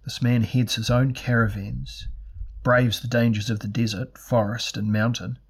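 A man's voice: medium pitch, flat delivery, moderate pace, husky. A man voicing a smiling albino sorcerer lord who speaks politely, with dry irony.

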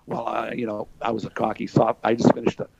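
A man's voice: on the low side, completely flat delivery, fast talker, creaky, lo-fi sound, background noise. An older man from Pennsylvania, telling stories in a folksy way with lots of fillers. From Pennsylvania, USA. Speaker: interview guest, former wrestler. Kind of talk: storytelling in casual chat.

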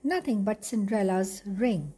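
A woman voicing a small, timid male mouse who squeaks when excited or scared. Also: moderate pace, breathy edge. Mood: sly. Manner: squeaky, nervous, then sly.

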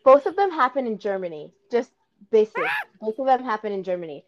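A woman's voice: fairly high pitch, very animated, fairly quick, crowd noise. Emphatic woman co-host on a lo-fi call. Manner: rambling, emphatic, argumentative. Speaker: podcast co-host. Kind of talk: casual chat on a video call. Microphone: video call.

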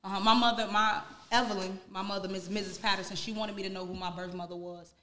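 A young woman from Gary, Indiana, a music artist guesting on a podcast, talking in an animated, outspoken and emotionally open way. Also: medium pitch, fast, slight background noise. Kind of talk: casual podcast chat. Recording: echoey room.

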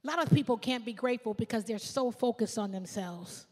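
A woman pastor preaching a sermon, swinging from shouts to hushed asides. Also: fairly high pitch, brisk, long reverb tail.

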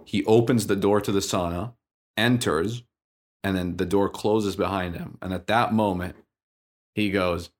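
A man co-hosting a podcast, telling a story in a casual, animated way. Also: low voice, measured pace. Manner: animated storyteller, acts out dialogue. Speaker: podcast co-host.

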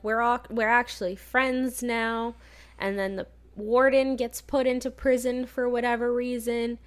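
A young woman casually recapping a movie plot in a rambling, chatty way, laughing now and then. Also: medium pitch.

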